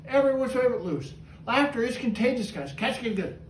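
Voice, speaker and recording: A man hosting a trained parrot show, chatty and animated as he coaxes his bird through its tricks. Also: very high-pitched, fairly quick, a little hiss or hum. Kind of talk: showman's patter with a pet bird. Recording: echoey room, voice from far off, faint ambience.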